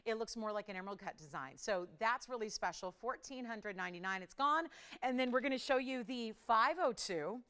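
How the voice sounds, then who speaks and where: A woman hosting a live TV jewelry shopping show. She gives an upbeat, chatty sales pitch and keeps it moving. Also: lively intonation, fairly quick, sharp tone, smooth. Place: TV studio.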